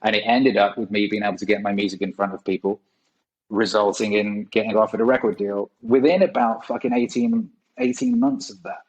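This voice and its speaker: With a lowish, animated voice and a brisk pace, a man in his forties tells meandering stories as a guest musician on a podcast, swearing frequently throughout. The sound is lo-fi.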